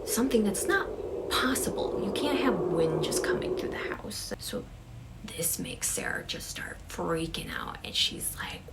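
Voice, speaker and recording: A woman's voice: lowish voice, huge pitch swings, a little slow. A woman casually telling a ghost story, dropping to a whisper for suspense and using chatty fillers.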